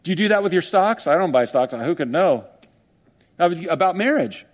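Male pastor, higher-pitched, lively sermon delivery with mock voices. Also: a little fast. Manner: animated, acts out skeptics in mock voices, laughs often.

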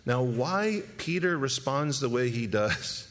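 Animated male preacher telling a story. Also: mid-range voice, takes it slowly, few pauses, a little hiss or hum. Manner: animated storytelling, acting out scenes with rhetorical questions. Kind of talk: sermon.

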